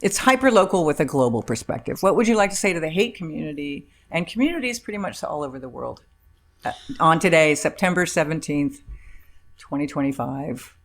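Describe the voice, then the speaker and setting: A woman's voice: sits low, animated, a little fast. Bubbly laughing woman hosting a chat. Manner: bubbly, laughs often, rambling. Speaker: host. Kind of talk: casual interview chat. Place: room by an open window on a busy street.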